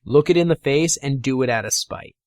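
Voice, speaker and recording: A man's voice: mid-range voice, brisk, darkish tone, no room sound, studio quality. A young man giving a casual motivational talk to gamers, blunt and fired-up, swearing freely. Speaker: gaming motivation vlogger.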